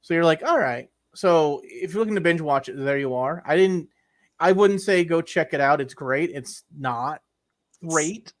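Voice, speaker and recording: A man's voice: on the high side, moderate pace. A young man co-hosting a podcast, chatting casually in a rambling way with crude jokes and lots of repeated words. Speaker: podcast co-host. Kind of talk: casual chat.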